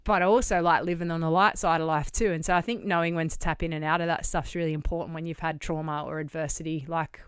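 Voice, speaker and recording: A woman's voice: deep voice, steady tone, quick pace, few pauses, clear, resonant tone, no room sound, clean studio sound. An Australian woman talking as a podcast guest, candid and blunt, swearing casually as she tells her story. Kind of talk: candid interview conversation.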